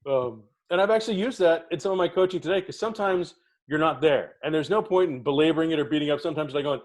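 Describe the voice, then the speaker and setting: A man's voice: a little high, quick pace. A middle-aged man, a podcast co-host, telling theatre stories in casual talk and acting out the people he quotes. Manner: animated anecdotes, acting out quoted voices. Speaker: podcast co-host being interviewed. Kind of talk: casual storytelling.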